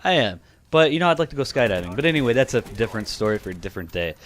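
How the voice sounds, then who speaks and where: Young male vlogger in his twenties, mid-pitched, chatty and giggly storyteller. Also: very animated, very fast, fairly bright tone, slight background noise. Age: 20s. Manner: chatty, laughs often, leans on "you know". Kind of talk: casual storytelling to camera.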